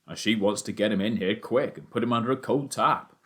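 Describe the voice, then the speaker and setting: A man voicing a boy's father, a rural working man, who talks in a low, steady, earnest way. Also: a little fast, natural voice.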